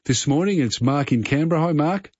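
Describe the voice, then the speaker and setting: A man's voice: on the high side, animated, a little fast, darkish tone, husky. A man with an Australian accent hosting a phone-in quiz on talkback radio, friendly and rambling with fillers and restarts. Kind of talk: casual talkback radio chat. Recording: slightly muffled radio broadcast.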